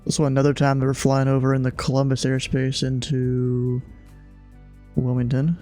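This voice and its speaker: A young American streamer from Kentucky plays air traffic controller, chatting casually with plenty of slang and frequent laughter, then slipping into clipped radio calls. His mid-range voice is warm but completely flat in delivery, at a moderate pace, with faint music behind him.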